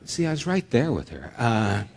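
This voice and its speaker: A man preaching a sermon, telling a lively personal story with humor, then dropping soft and low for solemn points. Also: normal speed, gravelly, in a large hall. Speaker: pastor.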